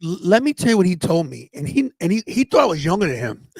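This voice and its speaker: A man in his fifties chats on a podcast in a fairly high voice. He tells stories with animation and slips into the voices of the people he quotes. The sound is dry and close. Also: moderate pace, no echo. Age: 50s. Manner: animated storyteller quoting others in their voices. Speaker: podcast co-host. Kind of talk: casual storytelling chat.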